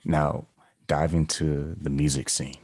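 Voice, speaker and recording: A man hosting an interview, asking calm, encouraging questions. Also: extremely low pitch, slow pace, husky, no room sound. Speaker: interview host.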